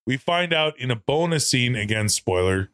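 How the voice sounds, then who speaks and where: A man's voice: medium pitch, expressive, normal speed, fairly bright tone, no room sound, studio quality. A man co-hosting a podcast, chatting casually about a movie, laughing often and acting out anecdotes. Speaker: podcast co-host. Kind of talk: casual movie review chat.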